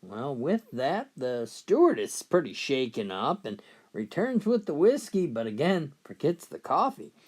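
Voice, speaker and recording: A man telling a countdown of jokes with animated storytelling. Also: on the high side, unhurried. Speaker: joke teller.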